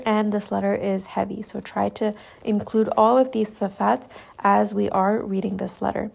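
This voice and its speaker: A woman teaching Quran recitation rules, calm and deliberate, slowly modelling each sound for her students. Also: mid-range voice, vocal fry, dull audio. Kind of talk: step-by-step recitation lesson.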